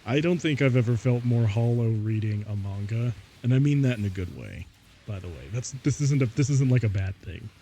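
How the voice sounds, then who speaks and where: A man's voice: medium pitch, animated, fairly quick, warm tone, slight background noise. A man streaming live, chatting casually and rambling, often laughing between thoughts and saying "like" and "y'all" a lot.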